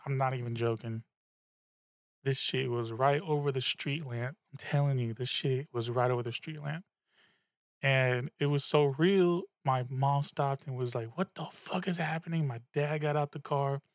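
A young man from telling a story in a casual, profane, animated way, often repeating himself. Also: medium pitch, measured pace, no echo, studio quality. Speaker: podcast host.

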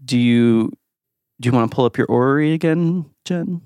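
A man runs a tabletop game in a playful, chatty way, laughing often and circling back over his own sentences. His voice sits at a middle pitch, recorded close and dry with no room sound. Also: normal speed, mellow, smooth, no room sound. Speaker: game master.

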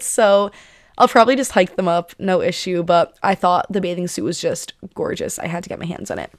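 A bubbly woman in her twenties hosts her own podcast, chatting casually with plenty of fillers and little giggles and sounding slightly out of breath. Her voice sits on the low side, with lively intonation and a moderate pace. The sound is dry, close to the mic, with no echo.

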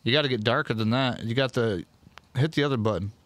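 A man's voice: medium pitch, quick pace, fairly bright tone, no room sound. Young man, podcast co-host, laid-back, swearing, dry close mic. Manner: laid-back, profane banter. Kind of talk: casual chat.

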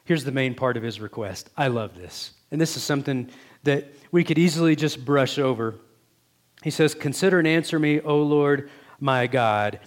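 Man, pastor, high voice, earnest conversational sermon, hushed asides, church. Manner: earnest, conversational preaching that swings from loud pleading to hushed near-whispers. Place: church sanctuary.

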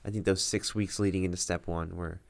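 A young man being interviewed as a guest on a podcast, speaking in a measured, hesitant way with many fillers. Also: low-pitched, flat delivery, vocal fry. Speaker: podcast guest, incoming resident physician. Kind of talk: casual interview talk.

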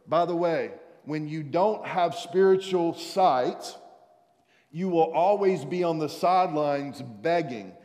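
A man preaching a sermon as a pastor in a church, energetic and calling out to the congregation, with jokey asides. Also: a little high, slow. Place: church sanctuary. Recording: long church hall reverb.

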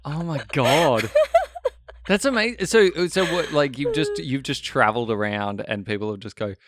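A man's voice: medium pitch, lively intonation, normal speed. An Australian man in his thirties hosting a podcast, chatting casually and rambling with frequent laughs. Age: 30s. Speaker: podcast host.

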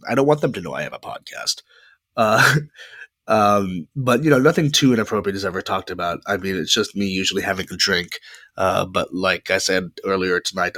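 A man in his twenties hosts his own podcast alone, talking in a chatty, rambling way with frequent pauses into a close mic. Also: deep voice, creaky, bright, forceful tone, no echo. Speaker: podcast host. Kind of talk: casual solo podcast monologue.

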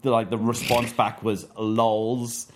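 A man's voice: lowish voice, flat delivery, slow, very noisy. A man from Wales co-hosting a podcast, chatting in a laid-back way and swearing freely. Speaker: podcast co-host. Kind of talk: casual chat.

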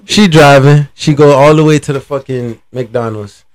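A man hosting a podcast, telling a story in an animated, swearing way. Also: medium pitch, normal speed, no echo. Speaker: podcast host. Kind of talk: casual storytelling.

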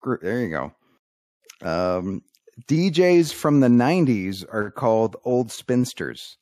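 A man co-hosting a podcast, telling one-liners deadpan and coaxing his co-hosts to laugh. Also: mid-range voice, slow, no echo, studio quality. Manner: deadpan joke delivery, coaxing laughs with "come on". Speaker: podcast co-host telling jokes. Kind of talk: casual podcast banter.

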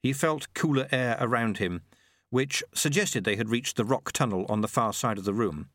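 A man narrating a novel aloud in an expressive storytelling manner. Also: mid-range voice, moderate pace, no room sound, studio quality. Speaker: audiobook narrator. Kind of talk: scripted narration.

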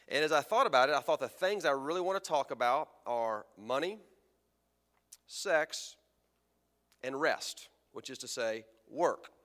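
Male pastor, unwell and fatigued, chatty sermon delivery, bright tone, long church-hall reverb. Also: medium pitch. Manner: conversational, self-deprecating, prays softly.

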